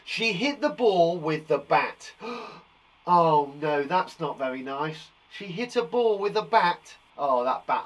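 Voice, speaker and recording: A man in his thirties with an English accent, teaching young children in a playful, animated way, asking them questions as he goes. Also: fairly high pitch, low-quality recording. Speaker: primary school teacher. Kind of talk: children's lesson video. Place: garden shed classroom.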